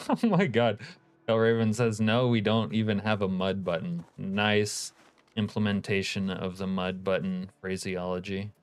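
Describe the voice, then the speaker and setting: Male streamer, low voice, relaxed profane chat-reading banter. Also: unhurried, smooth. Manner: laid-back, profane, reads chat aloud. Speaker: game streamer. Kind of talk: casual live-stream commentary.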